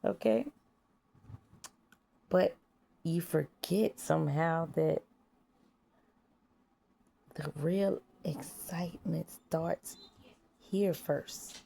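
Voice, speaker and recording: A woman's voice: deep voice, extremely slow, vocal fry, long pauses, dark tone. A woman in a casual spiritual monologue, talking bluntly and profanely, laughing at her own jokes and sometimes dropping to a whisper. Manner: drops to whispers at times. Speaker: vlogger.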